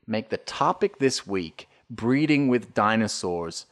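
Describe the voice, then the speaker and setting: A man's voice: lowish voice, lively intonation, takes it slowly. A man co-hosting a casual podcast from an apartment, joking around and swearing freely. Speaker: podcast co-host. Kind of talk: casual chat.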